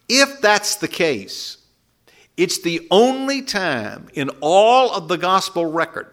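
A man giving verse-by-verse Bible teaching in a bright, clear voice pitched a little high. He takes his time, stretching out his points, and his intonation swings widely as he explains. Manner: unhurried explaining, with lively rises and drops.

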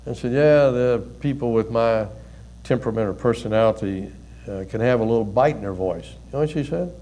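An older man, a pastor and counselor, giving a conversational sermon with folksy stories and soft chuckles. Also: mid-range voice, a little fast, slight background noise.

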